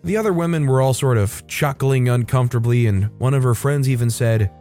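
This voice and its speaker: A man's voice: medium pitch, brisk, dark tone, soft background music. A man hosting a storytelling show, reading a story aloud and raising his voice to act out the quoted lines. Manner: reads quoted lines in a raised, acted-out voice. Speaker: host reading online stories. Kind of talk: scripted storytelling narration.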